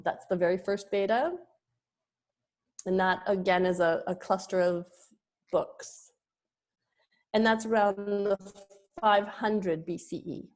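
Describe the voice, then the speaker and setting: A woman giving a yoga lesson at a very slow, unhurried pace, pausing often between phrases. She hesitates with ums and restarts as she works through her presentation notes. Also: medium pitch, a little mellow. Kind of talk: slow spoken lecture with pauses.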